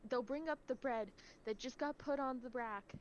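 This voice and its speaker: A woman's voice: high voice, moderate pace, muffled recording, slight background noise. A woman telling a casual, exasperated story about her bakery job, full of likes and ums. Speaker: bakery worker telling stories.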